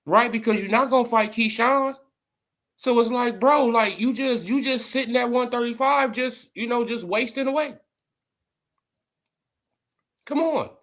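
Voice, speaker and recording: A man's voice: very high voice, normal speed, fairly bright tone. A man giving casual boxing commentary in an emphatic, repetitive, slangy way.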